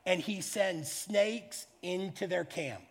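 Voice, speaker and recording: A man preaching a sermon as a pastor, fervent and emphatic, repeating phrases and building to shouts. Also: high voice, takes it slowly. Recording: reverberant hall.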